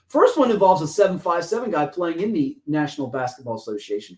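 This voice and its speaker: A man hosting a sports talk show, talking fast and joking excitedly with his co-host. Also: fairly high pitch, low-quality recording. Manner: fast, excitable, jokey and talkative.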